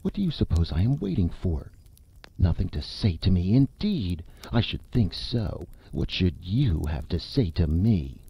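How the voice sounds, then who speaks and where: A man's voice: deep voice, big pitch swings, measured pace, vocal fry, dark tone, husky, exaggerated voice. A man reading aloud, voicing an indignant young woman who exclaims sharply in offense.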